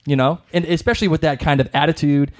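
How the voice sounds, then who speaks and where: A man co-hosting a podcast in casual chat, excitable and gushing. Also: fairly high pitch, fast talker. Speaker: podcast co-host.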